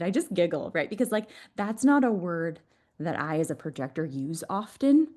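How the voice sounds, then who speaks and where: Low-voiced woman explaining with enthusiasm. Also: lively intonation, a little fast, dark tone. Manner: enthusiastic, laughs often while explaining. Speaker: podcast guest, Human Design mentor. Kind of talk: conversational podcast interview.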